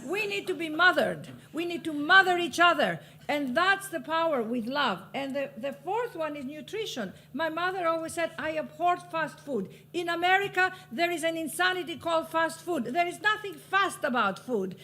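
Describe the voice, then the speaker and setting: Speaking at a moderate pace with hardly any pauses, a middle-aged woman from Greece uses a very high, sharp, expressive voice. She's a panelist and author giving an impassioned, preachy motivational talk, urging on her audience and laughing aside at her own remarks.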